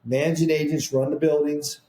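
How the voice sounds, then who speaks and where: A man with a slightly high, mellow voice tells rambling, animated stories as a podcast guest. The room around him is roomy and echoey. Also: fairly quick. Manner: rambling, animated storyteller with restarts. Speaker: podcast guest, business founder. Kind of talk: casual storytelling interview. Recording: roomy echo.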